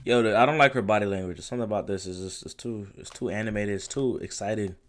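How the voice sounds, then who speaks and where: A man's voice: lowish voice, quick pace, a crowd in the background. A man streaming live, reacting casually and greeting viewers in chatty slang.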